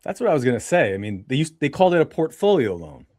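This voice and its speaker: A man's voice: medium pitch, very animated, fast talker, darkish tone, no room sound, clean studio sound. A man hosting a podcast interview. He talks conversationally, often with "you know" fillers as he asks questions. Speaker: podcast host.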